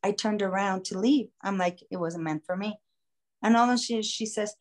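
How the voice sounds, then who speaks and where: A woman podcast host telling a story in a casual, animated way, acting out the voices of the people in it. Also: mid-range voice, a little fast. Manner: animated, acts out quoted voices. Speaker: singer.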